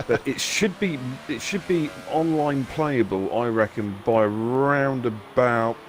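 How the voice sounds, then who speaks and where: A man giving relaxed, jokey co-commentary on an esports race. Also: mid-range voice, unhurried, a little hiss or hum. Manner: joking, laid-back banter.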